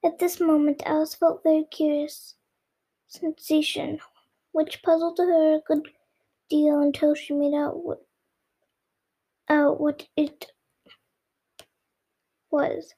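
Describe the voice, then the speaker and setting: A child reading a storybook aloud, slow and careful, stumbling and repeating words now and then. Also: high-pitched, little pitch movement, dark tone, low-quality recording. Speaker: reader.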